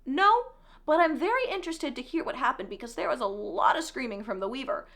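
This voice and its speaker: A woman voicing a smug, teasing fae lord, young adult man, speaking calmly in a book recap. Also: extremely high pitch, a little fast, gravelly, full character voice.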